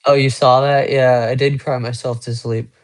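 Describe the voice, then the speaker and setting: A man's voice: medium pitch, level tone, moderate pace. A young man chatting casually with viewers on a phone live stream from a small room at home, rambling as he shows off his guitars and watches. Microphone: phone held close.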